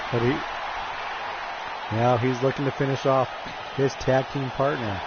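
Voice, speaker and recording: A man calls a wrestling video game match in jokey announcer patter, stumbling over his words and restarting lines while tossing "folks" at his viewers. His voice sits at an ordinary middle pitch. The audio is muffled and dull, buried under a roaring game crowd and loud noise. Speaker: wrestling game commentator and stream host. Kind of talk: play-by-play commentary on a video game stream.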